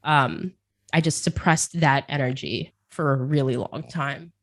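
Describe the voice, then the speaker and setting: A woman's voice: extremely low pitch, a little slow. A woman guest in a casual interview, rambling and chatty, often laughing and repeating words as she talks about her work as a caster. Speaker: esports caster, podcast guest.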